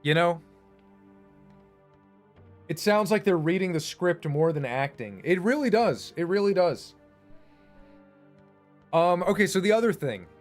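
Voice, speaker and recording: A man's voice: high voice, lively intonation, measured pace, long pauses, faint music behind. A man streaming and going off on a casual, profane, emphatic rant. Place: home streaming setup.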